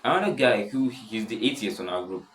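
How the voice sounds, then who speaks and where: A seventeen-year-old boy with a deep voice, rambling casually in a self-improvement vlog, full of restarts. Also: expressive, brisk, roomy sound, noisy background. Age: teens. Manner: rambling, many restarts and "stuff like that". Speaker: vlogger.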